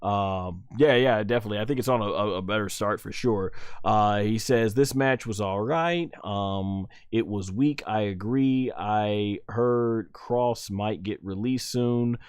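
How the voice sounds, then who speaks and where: A man's voice: lowish voice, measured pace, few pauses, smooth, no echo, studio quality. A man hosting a casual live stream, rambling and flustered. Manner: rambling and flustered, many fillers and restarts. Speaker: live stream host reviewing wrestling.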